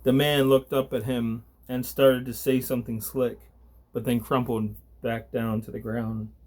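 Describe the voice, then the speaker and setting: Slow, deliberate male storyteller. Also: medium pitch, level tone, darkish tone. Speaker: narrator. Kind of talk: storytelling read-aloud.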